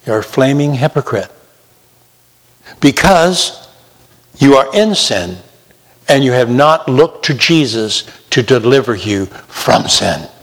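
A man delivers a sermon in an emphatic, conversational way, now and then mimicking the excuses of his listeners. His voice sits at an ordinary middle pitch. A long reverb trails each phrase, as in a large hall. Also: expressive, takes it slowly, pauses often. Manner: emphatic, rising into mocking imitations of sinners. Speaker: preacher.

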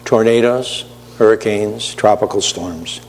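A man's voice: on the low side, unhurried, darkish tone, long reverb tail, a little hiss or hum. A man preaching a sermon to his congregation, chatty, with teasing asides to the pews. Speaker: pastor.

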